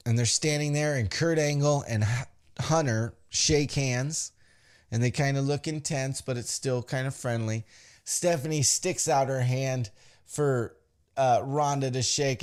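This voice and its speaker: A man hosting a podcast, recapping a wrestling show in a casual, profane way and acting out the quotes. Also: mid-range voice. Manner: animated, acts out quotes in put-on voices, swears freely.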